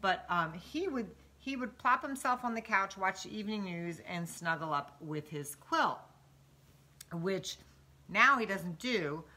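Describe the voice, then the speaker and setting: Bright-voiced, chatty middle-aged woman. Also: medium pitch, lively intonation, measured pace. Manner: chatty and enthusiastic, addressing viewers directly. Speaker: quilter and channel host. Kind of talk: live-stream craft chat. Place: home sewing room in Arizona.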